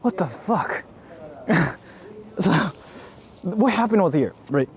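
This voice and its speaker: A man live-streaming outdoors on a city street, chatting casually in an excitable, self-mocking way and swearing freely, recorded on a handheld camera. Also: high-pitched, slow pace. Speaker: IRL streamer.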